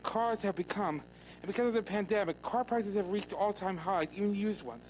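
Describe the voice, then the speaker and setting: A citizen addresses legislators at a public hearing, in an earnest, plain voice. The delivery is a little halting at times. Faint noise and a hum sit behind the voice. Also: mid-range voice, a little mellow, poor audio. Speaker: public commenter. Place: county legislature hearing room.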